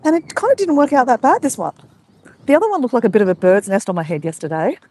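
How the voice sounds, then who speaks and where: A woman's voice: a little high, animated, quick pace, a little mellow. A woman with an Australian accent, live-streaming from her phone as she walks along a beach at sunset, chatting casually and greeting viewers by name. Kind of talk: casual live-stream chat while walking. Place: outdoors on a beach walk at sunset. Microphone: phone held while walking.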